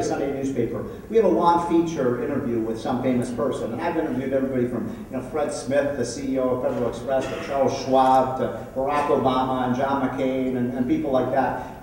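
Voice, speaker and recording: A man's voice: mid-range voice, mellow. A man giving a keynote dinner speech, telling joking anecdotes in a rambling way with many restarts. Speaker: keynote speaker. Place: banquet hall. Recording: echoey hall, distant mic, faint room noise.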